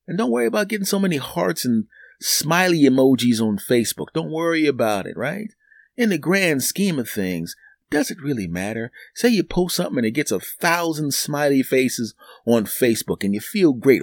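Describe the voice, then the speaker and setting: Guy riffing solo on his podcast, middle pitch, dry close sound, rambles and slips into silly voices for made-up chats. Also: big pitch swings, moderate pace, vocal fry, no room sound. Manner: rambling, acts out both sides of imagined conversations in exaggerated voices. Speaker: podcast host. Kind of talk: solo comedic monologue.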